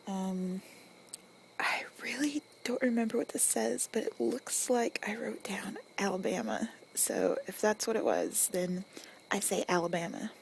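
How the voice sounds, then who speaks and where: A young woman with an Arkansas accent in a whispered ASMR accent tag, chewing gum and musing softly, recorded outdoors at night on a phone mic. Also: mid-range voice, gravelly, slight background noise. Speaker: ASMR creator. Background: distant cars and crickets.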